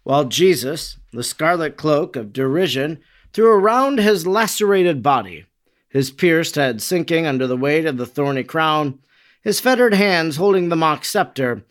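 A man reading a devotional narrative aloud in a solemn, dramatic manner, raising his voice for quoted lines. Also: a little high. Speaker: reader.

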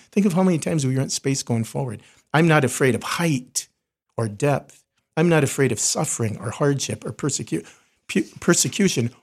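A man's voice: a little high, lively intonation, moderate pace, breathy edge. A middle-aged man, a corporate chaplain, giving an earnest conversational podcast talk and often restarting his sentences.

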